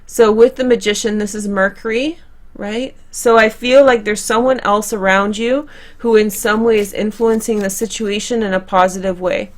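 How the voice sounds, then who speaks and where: A young woman talks viewers through a tarot spread in a loose, conversational way. She chats casually and often restarts a phrase or corrects herself. Her voice sits at a middle pitch for a woman. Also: fairly even intonation, normal speed. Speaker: tarot reader. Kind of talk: tarot card reading to camera.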